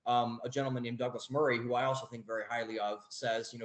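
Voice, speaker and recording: A man's voice: mid-range voice, level tone, quick pace, hardly any pauses, roomy sound, poor audio. A young man telling a story as a podcast guest, rambling, with many fillers and restarts. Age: young adult. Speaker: guest author. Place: home office.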